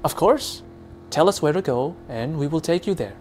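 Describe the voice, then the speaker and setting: A man's voice: a little high, expressive, moderate pace, darkish tone, soft background music, pitched above the performer's own voice, natural voice. A man doing a menacing, commanding monarch. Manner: smooth, coaxing, then bellowing.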